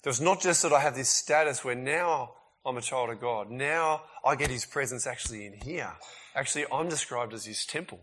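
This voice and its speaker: A man preaching a sermon in a casual, emphatic way, swinging between loud bursts and quiet asides. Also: medium pitch, a little fast.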